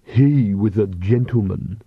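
A doleful, put-upon servant grumbles in a slow, deadpan drawl, as a male narrator puts him on. The voice stays close to the reader's own, dry and a little dull. It is a storybook reading. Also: lowish voice, husky, no room sound, heavily acted. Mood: grumbling deadpan. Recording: dull, dry audiobook recording.

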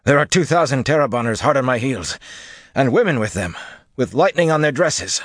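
A man's voice: mid-range voice, expressive, a little fast, fairly bright tone, no echo, voice pushed up. A panting soldier gasping out an urgent warning to his lord, as a man voices him in an audiobook. Raised and pressed, close and dry. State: out of breath. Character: breathless young male armsman, urgent.

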